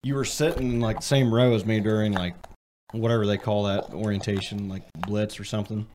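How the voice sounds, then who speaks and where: Young guy hosting a chill podcast, lowish voice, kinda rambly and jokey. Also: fairly even intonation, fairly quick, noisy background. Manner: loose, rambling, joking. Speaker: podcast host. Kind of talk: casual podcast chat.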